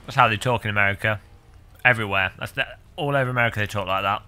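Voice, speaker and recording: A British man chatting casually with viewers on a game stream, rambling and cracking deadpan, absurd jokes. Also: lowish voice, rapid-fire. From United Kingdom. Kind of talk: casual live-stream chat.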